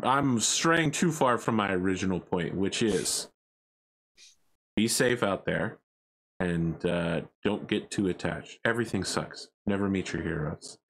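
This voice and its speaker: A man's voice: sits low, lively intonation, unhurried, creaky, fairly bright tone, rough recording. A man hosting a gaming stream, chatting casually in a rambling, self-deprecating way with dry jokes. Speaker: channel host.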